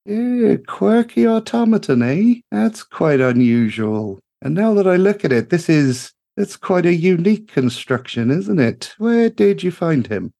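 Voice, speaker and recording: A man putting on a chirpy high gnome woman. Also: very animated, measured pace, vocal fry, few pauses, mellow, heavily acted.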